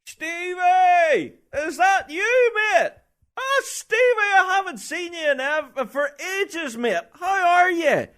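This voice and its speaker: A man with a Scottish accent voicing a loud, excitable spectator who hollers greetings across an arena in a raised, high voice. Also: slow, full character voice. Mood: overjoyed shouting. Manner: shouting, high-pitched, overjoyed.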